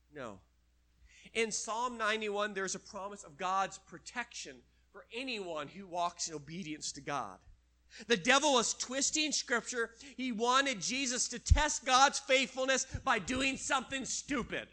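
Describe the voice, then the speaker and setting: A man's voice: very high voice, lively intonation, unhurried, sharp tone. A man preaching a sermon, acting out quoted voices and dropping to a near whisper at times.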